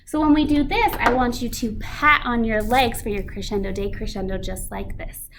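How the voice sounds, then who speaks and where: A woman teaching an elementary music lesson, reading a picture book aloud with animated expression. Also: fairly high pitch, moderate pace, background noise.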